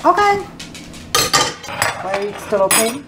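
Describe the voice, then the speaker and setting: A woman's voice: medium pitch, fast talker, echoey room, very noisy. A woman chatting casually and teasing in a home kitchen. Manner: teasing, playful, lively. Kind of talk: casual chat.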